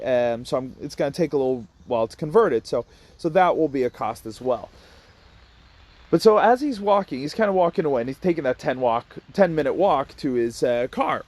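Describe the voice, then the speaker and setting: A man's voice: fairly high pitch, a little mellow. A man casually telling a property investment story to his audience, acting out the voices of the people in it with a laugh, and greeting passers-by as he goes. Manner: acts out dialogue in quick asides, laughs between points; greets passers-by mid-talk.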